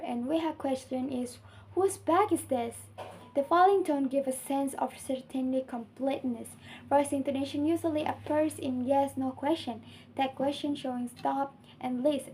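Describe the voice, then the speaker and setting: Young woman, Indonesian accent, student reading an assignment, high voice, mellow tone, faint background hiss. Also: fairly even intonation, moderate pace, rough recording. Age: young adult. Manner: careful, earnest reading with small slips.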